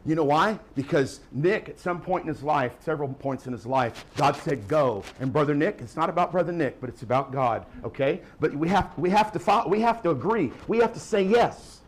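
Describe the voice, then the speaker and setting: Lively preaching man, fairly high voice. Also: a little fast, few pauses. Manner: lively preaching with quiet asides and humor. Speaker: pastor. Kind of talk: sermon. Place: church.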